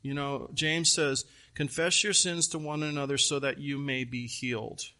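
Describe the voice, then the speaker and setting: A man preaching a sermon, retelling a scripture story with earnest, animated emphasis and repeated phrases. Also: on the high side, moderate pace. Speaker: pastor.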